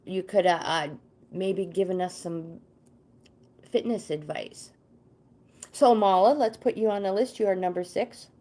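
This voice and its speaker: An unhurried woman hosts a casual livestream, reading tarot cards for viewers. She talks slowly and chattily, drifts off track, and greets people by name as they arrive. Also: medium pitch, dark tone. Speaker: livestream host and tarot card reader.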